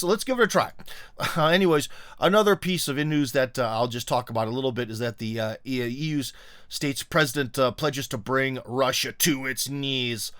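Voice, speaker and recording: A man's voice: mid-range voice, a bit bright, smooth, no echo, clean studio sound. A man hosting a casual political commentary monologue, rambling with many fillers and restarts, and often sarcastic.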